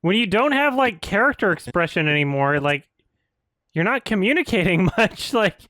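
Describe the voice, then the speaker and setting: A man's voice: big pitch swings, normal speed, bright, forceful tone, dry recording. A man reviewing a film while he edits, ranting in frustration and laughing in disbelief. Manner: frustrated, laughing, pitch jumps up when outraged. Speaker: video reviewer. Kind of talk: exasperated ranting while editing.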